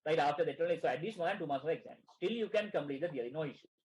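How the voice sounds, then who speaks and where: A man with a high-pitched voice coaches students through exam preparation in an online session. He talks in short repeated phrases and keeps checking in with "right?" after nearly every point. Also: rapid-fire, darkish tone, rough recording. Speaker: exam prep tutor.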